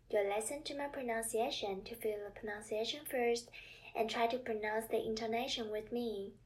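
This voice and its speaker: A woman teaching a language lesson, speaking with slow, careful enunciation and leading repeat-after-me drills. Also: fairly high pitch, far from the mic.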